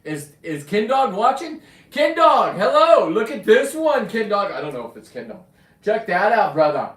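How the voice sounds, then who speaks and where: A man doing a loud, excited put-on Jamaican voice, high and shouting. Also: a little fast. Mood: hyped. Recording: roomy, mic at a distance.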